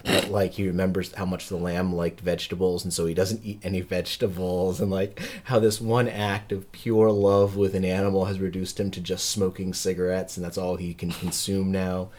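A man with a low, deep voice talks through movies in a loose, rambling way. He sounds like a podcast co-host who makes offhand jokes as he goes. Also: little pitch movement, moderate pace, a little mellow, slight background noise. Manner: rambling, jokey film chatter. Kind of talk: casual chat.

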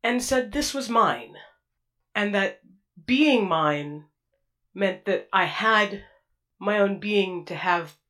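A woman's voice: medium pitch, expressive, slow, pauses often, a bit bright. A woman voicing a polite female droid who speaks in a stiff, formal, precise way. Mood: reflective.

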